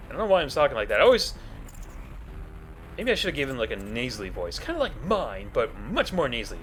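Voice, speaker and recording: A man's voice: mid-range voice, a little fast, long pauses, a little hiss or hum. A man doing let's play commentary as a gaming YouTuber, talking in a rambling way and often correcting himself. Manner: rambling, animated, self-correcting.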